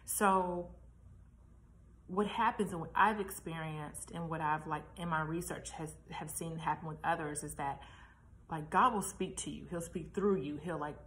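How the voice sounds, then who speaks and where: Chatty lady vlogging about gratitude stuff, kinda low voice, faint hiss behind. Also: moderate pace. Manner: chatty, animated, laughs at herself. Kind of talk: casual motivational vlog. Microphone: camera mic, reading notes.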